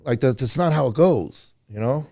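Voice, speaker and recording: A man's voice: medium pitch, moderate pace, vocal fry, no room sound, studio quality. A man, a pro bodybuilder guest on a podcast, talking candidly and casually, swearing and acting out what others said. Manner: candid, swears, quotes others in animated voices.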